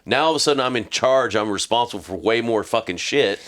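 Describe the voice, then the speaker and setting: A man's voice: medium pitch, animated, fast, a bit bright. A man hosting a podcast, telling a war story bluntly and casually, swearing constantly. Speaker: podcast host, military veteran.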